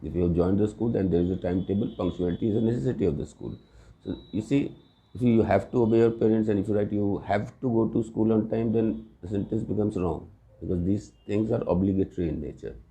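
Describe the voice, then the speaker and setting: A man's voice: lowish voice, fast talker, dark tone. A man teaching English grammar in a recorded lesson, explaining patiently with examples and often checking with "right?".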